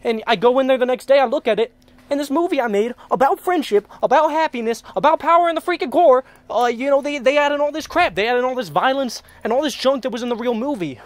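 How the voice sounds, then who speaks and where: A man's voice: very high voice, expressive, quick pace, no echo. A young man giving a comedic rant to camera, stammering and repeating himself, worked up, swearing and exasperated. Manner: stammering, frequently repeating words. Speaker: comedy web video creator.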